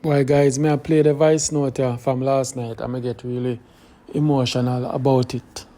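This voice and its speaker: Gravelly Jamaican man hosting a live stream. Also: medium pitch, little pitch movement, normal speed, mellow. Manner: earnest, addresses viewers directly, thinking aloud. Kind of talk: casual live stream talk.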